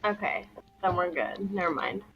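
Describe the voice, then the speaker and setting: A woman's voice: fairly low pitch, expressive, moderate pace, slight background noise. A woman playing a tabletop game, in playful banter with her group. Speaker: player. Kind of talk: in-character tabletop play. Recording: muffled lo-fi audio.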